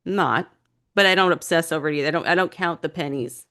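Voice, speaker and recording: A woman's voice: deep voice, fast talker, bright, forceful tone. A woman co-hosting a casual chat, speaking candidly and easily with frequent "you know" and "I just". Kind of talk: casual conversation.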